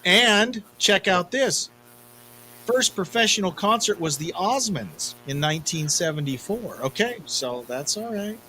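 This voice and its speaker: A man in his fifties chats easily as a podcast co-host, spinning self-deprecating stories. His voice sits a little high. A faint hum runs underneath. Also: lively intonation, measured pace, bright, forceful tone, low-quality recording. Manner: chatty storyteller, self-deprecating. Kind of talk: casual chat.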